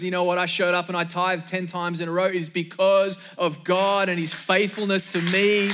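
A man's voice: high-pitched, fairly bright tone. A man preaching a sermon as pastor, emphatic, repeating key lines for effect and dropping in joking asides.

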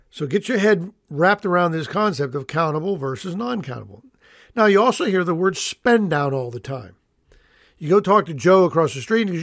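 A man's voice: high-pitched, lively intonation, a little fast, a bit bright, no echo, studio quality. A middle-aged man, an estate planning attorney hosting an educational talk show, explaining rules in an emphatic, folksy way and repeating his key points. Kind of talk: educational radio-style talk.

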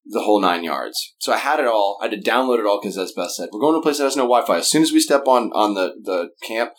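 A man with a Southern American accent, a wedding band singer telling a story as a podcast guest, lively and quick to act out other people's lines. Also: on the low side. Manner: animated, acts out quotes in raised voices. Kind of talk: casual storytelling.

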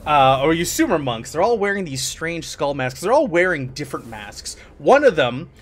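A man's voice: on the high side, very animated, normal speed. A man running a tabletop game as game master, narrating casually with many fillers.

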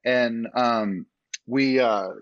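A man's voice: medium pitch, fairly even intonation, drawn-out words, no echo. A man, a podcast guest and business owner, telling a rambling, self-deprecating story full of fillers in a casual interview. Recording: slightly dull lo-fi sound.

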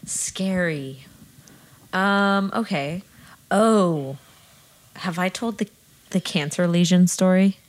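A woman's voice: on the low side, takes it slowly, long pauses. A woman co-hosting a casual chat, telling stories. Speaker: podcast co-host.

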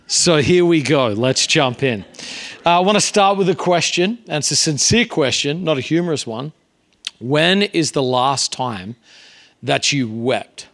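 A man's voice: on the high side, lively intonation, unhurried, fairly bright tone. A man preaching as a guest pastor at a church, earnest and conversational, with frequent fillers. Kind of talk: sermon. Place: church sanctuary.

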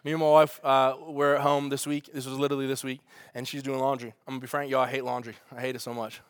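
A man, a pastor preaching a sermon with funny family stories and lively asides. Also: medium pitch, fast, smooth, dry recording, clean studio sound. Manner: storytelling with humor, animated asides.

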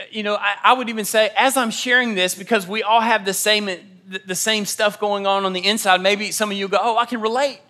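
A man's voice: high voice, pushed and bright. A young man preaching a sermon in a church, telling personal stories and acting out the dialogue in them. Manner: storytelling, acts out quoted dialogue. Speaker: pastor. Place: church auditorium.

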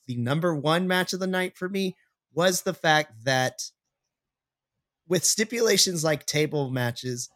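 A man's voice: fairly high pitch, a bit bright, dry recording, studio quality. A man co-hosting a podcast in casual chat, playful and laughing often while breaking things down analytically. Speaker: podcast co-host.

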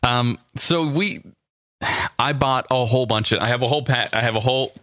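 A man's voice: mid-range voice, brisk, a bit bright, no echo. A man co-hosting a casual podcast over a video call, talking in a rambling way with restarts and dry asides. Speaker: podcast co-host. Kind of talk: casual chat.

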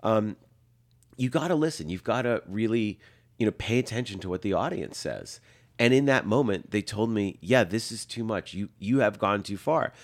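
A man around fifty, a film director, telling animated anecdotes as a guest and acting out the lines he quotes. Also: fairly low pitch, normal speed. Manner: lively storyteller, acts out quotes, laughs often.

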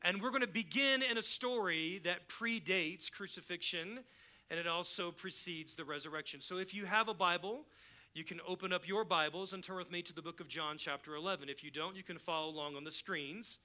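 A middle-aged pastor delivers a sermon in a church with a high, bright, ringing voice. He preaches like he is chatting, telling stories and playing out both sides of a conversation. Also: a little fast. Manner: conversational storytelling preacher, acts out dialogue. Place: church sanctuary.

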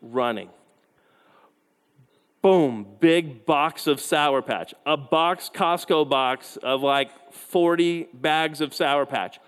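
Animated male preacher, echoey hall. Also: a little high. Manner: animated storytelling with quick asides. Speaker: youth pastor. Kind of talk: sermon. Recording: hall reverb.

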